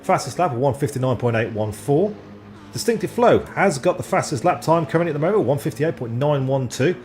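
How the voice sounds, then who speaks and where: A man giving live sim racing commentary, excitable and self-deprecating, often stumbling over driver names. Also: a little high, fairly quick, a little hiss or hum.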